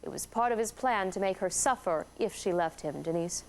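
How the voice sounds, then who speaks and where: A woman news reporter delivering a formal, measured TV news report. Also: on the low side, expressive, vocal fry.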